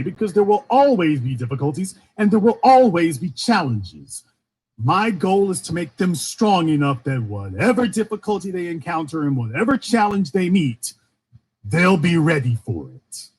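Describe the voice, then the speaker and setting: A high, husky-voiced man with a faint Southern accent delivers a passionate solo monologue on a stream. He presses his point through repeated rhetorical questions, his pitch swinging widely from line to line. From Shreveport, Louisiana, US. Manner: rhetorical, repeating questions, rising and falling emphasis. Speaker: commentator.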